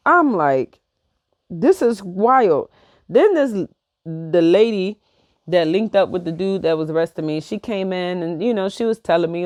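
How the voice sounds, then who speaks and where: A woman's voice: medium pitch, no room sound, studio quality. Young woman heatedly retelling a story. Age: young adult. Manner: heated, animated retelling with quoted back-and-forth. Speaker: vlogger. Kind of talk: casual storytelling.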